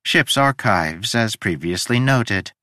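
A man's voice: lowish voice, lively intonation, slow pace, pushed and bright, no room sound, studio quality, heavily acted. A man voicing a polite, formal, literal-minded male ship AI in an audiobook, precise and courteous. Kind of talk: audiobook character reading.

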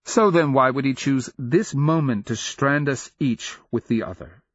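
A man's voice: mid-range voice, measured pace, breathy edge, no echo, dull audio, voice pushed up. A man voicing a volatile empress mother. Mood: anxious. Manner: impassioned, breaking into outbursts. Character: anxious, volatile empress mother, middle-aged woman.

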